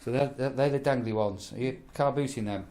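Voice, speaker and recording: A middle-aged man, chatting casually and rambling through animated stories. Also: mid-range voice, brisk. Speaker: vlogger, campsite warden. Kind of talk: casual chat.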